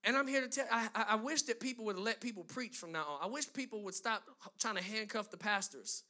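A high-pitched man delivering a sermon in a bright, cutting tone. He builds emphatic runs of phrases, then turns to chatty asides aimed at his listeners. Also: fast talker. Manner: emphatic preaching with rising, driving lists; conversational asides to the congregation. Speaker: pastor.

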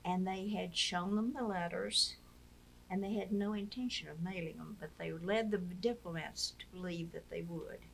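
A woman's voice: on the low side, normal speed, gravelly, a bit bright, slight background noise. An older woman, telling stories in an interview and acting out the voices she quotes. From Mississippi. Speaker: interview guest, wife of a former POW. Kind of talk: storytelling in a conversational interview.

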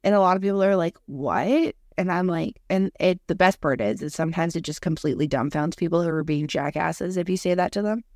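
A young adult woman co-hosting a podcast in casual chat, talking fast with lots of "like" and acting out quotes. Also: fairly low pitch, darkish tone, no room sound, studio quality. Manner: chatty, fillers like "like", acts out quotes. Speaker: podcast co-host.

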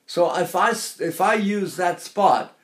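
A man's voice: sits high, expressive, measured pace. An older man teaching singing, talking in a rambling, anecdotal way and breaking off to demonstrate sounds. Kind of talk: spoken singing lesson.

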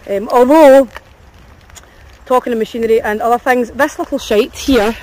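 Out on a country path, a dog-walking Scottish vlogger chats casually and keeps breaking off to address her dogs. She has a highish voice, captured in a low-quality recording with a bit of background noise.

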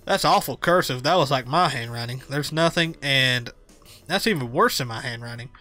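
Chatty let's-play streamer, lively voice. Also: medium pitch, moderate pace. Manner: chatty, laughing, reads dialogue aloud. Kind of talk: casual gameplay commentary. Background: game music.

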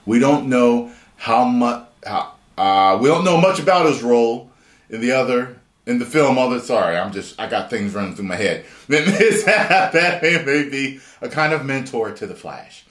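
A man giving excited, profane, rambling video commentary and reading an article aloud. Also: mid-range voice, moderate pace. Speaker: YouTube commentator. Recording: roomy echo.

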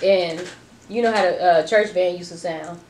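A woman co-hosting a casual chat, telling an old family story with animated delivery and frequent laughter. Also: on the low side, moderate pace. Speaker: co-host. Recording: echoey room with faint noise.

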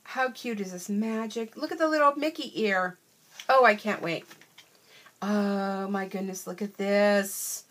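An older woman with a soft, breathy voice chats her way through a craft unboxing. She gushes and exclaims, gasping with delight and cooing over each little find, in an easy, homey manner. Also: mid-range voice, unhurried. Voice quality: wears bifocals. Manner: gushing, excitable, lots of gasps and oohs. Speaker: crafting vlogger. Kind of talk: casual unboxing chat.

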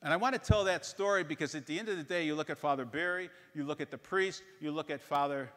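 A man giving a parish mission talk, telling a story in an animated way and acting out the voices of the people in it. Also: a little high, fast talker, big-room sound. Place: church.

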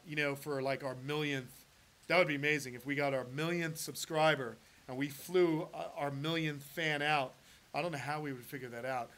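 A man's voice: on the high side, a bit bright. A middle-aged man from the United States hosting a live stream, chatting loosely with viewers and rambling through their questions with lots of fillers and restarts. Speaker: host of a reptile channel.

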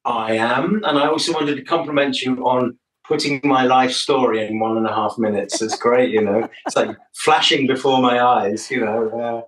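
A man's voice: medium pitch, moderate pace, few pauses, a bit bright. An older man, a musician guest, telling stories in a chatty, jokey way during an interview. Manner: chatty, jokey storyteller, laughs often. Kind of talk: casual interview chat. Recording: roomy, from a distance.

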